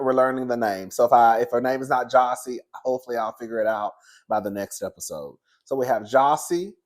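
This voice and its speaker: A man giving casual, sassy commentary on a reality TV episode, chatty and quick to laugh. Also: mid-range voice. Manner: sassy, chatty, laughs often, calls viewers "girl" and "baby". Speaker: reality TV reviewer.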